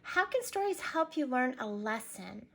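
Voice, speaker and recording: A woman's voice: sits high, sing-song, moderate pace, creaky, a bit bright. A woman teacher giving a recorded reading lesson to young children, patiently prompting and spelling words out letter by letter.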